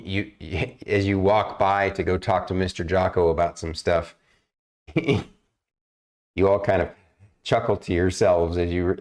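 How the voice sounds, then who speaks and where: Give me a rambling game master, a man with a lowish voice, narrating a tabletop game. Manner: rambling, many fillers and restarts.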